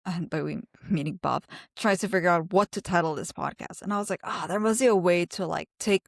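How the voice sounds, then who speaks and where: Chatty woman with a low voice. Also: a little fast, creaky, dry recording, clean studio sound. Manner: chatty, laughs often, many fillers. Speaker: podcast co-host. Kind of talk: casual chat.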